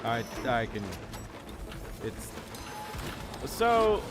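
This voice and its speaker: A man from Wisconsin hosting a casual stream chat, talking in an animated, profane, rambling way. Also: medium pitch, very slow, over loud music.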